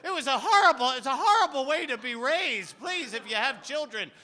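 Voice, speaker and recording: A man's voice: very high-pitched, expressive, a little fast, sharp tone. A male stand-up comedian on a club stage, flamboyant and exclamatory. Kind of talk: stand-up set.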